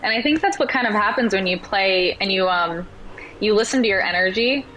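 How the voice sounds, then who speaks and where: Chatty bright-voiced woman telling stories. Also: mid-range voice, lively intonation, brisk, a little hiss or hum, low-quality recording. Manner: chatty storyteller, acts out quoted voices, says "like" often. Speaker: podcast guest. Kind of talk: casual interview chat.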